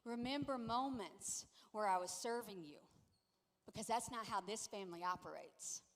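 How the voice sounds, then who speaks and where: Brief: woman voicing Jesus, gentle earnest teacher, sermon retelling, hall reverb. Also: medium pitch, normal speed, voice pushed down, close to an everyday voice. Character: Jesus, calm man teaching his followers. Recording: long echo of a large church hall.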